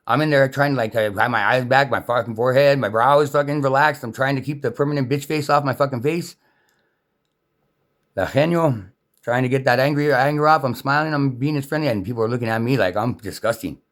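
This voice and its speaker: A man's voice: mid-range voice, a little fast, fairly bright tone. A man in an angry, unscripted rant, talking in a heated, profane and repetitive way.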